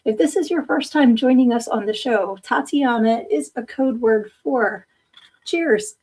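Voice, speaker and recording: A woman's voice: a little high, a little slow, darkish tone, slightly rough. A woman in her fifties hosting a live-streamed podcast, chatting casually with viewers in a rambling way, laughing easily and tired from little sleep. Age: 50s. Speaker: podcast host.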